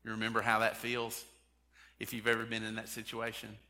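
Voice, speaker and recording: Preaching conversationally, this male pastor keeps addressing questions directly to his congregation, his bright, forceful voice echoing with long reverb across a large sanctuary. His pitch is fairly low, his delivery monotone and brisk.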